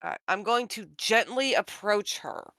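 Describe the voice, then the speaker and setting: Woman player in a tabletop rpg, bright voice, dry close mic. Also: mid-range voice, very animated, normal speed, no echo. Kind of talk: tabletop game play.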